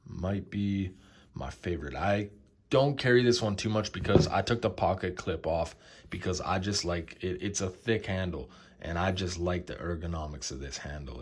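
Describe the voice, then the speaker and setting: A young man casually showing his knife collection, relaxed and enthusiastic, with lots of fillers. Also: sits low, slightly rough. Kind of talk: casual show-and-tell.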